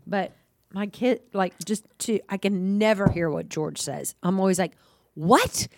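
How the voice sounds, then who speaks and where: A woman's voice: mid-range voice, normal speed, creaky, a little mellow, dry recording. A woman in her fifties hosting a podcast, chatting and giving blunt opinions. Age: 50s. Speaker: podcast host. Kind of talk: casual chat.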